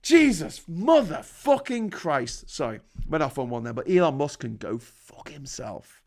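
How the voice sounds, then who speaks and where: A man hosts his own live stream and rants in heated, profane, sarcastic commentary. His voice sits high for a man and swings between loud outbursts and quieter asides. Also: big pitch swings, a little slow, vocal fry. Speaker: livestream host.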